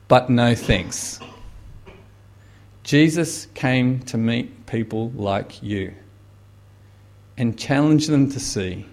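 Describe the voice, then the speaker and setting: A man preaching a sermon, retelling a gospel story and lifting his voice to quote Jesus with dramatic weight. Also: on the high side.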